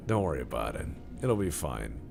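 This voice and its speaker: Man, game streamer, deep gravelly voice, lively ups and downs, rambling jokes. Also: fairly quick, music in the background. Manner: rambling, joking and mock-serious. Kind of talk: casual game-stream commentary.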